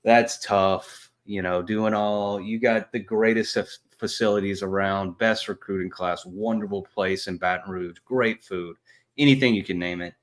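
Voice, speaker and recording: A man's voice: lowish voice, fairly even intonation, normal speed. A man, co-hosting a casual sports podcast, blunt and trash-talking with lots of fillers. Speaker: podcast co-host.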